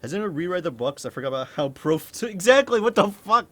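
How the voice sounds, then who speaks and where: A man's voice: fairly high pitch, quick pace. Laughing, swearing gamer guy. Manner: animated, swears, laughs a lot. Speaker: streamer. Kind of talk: casual gameplay commentary.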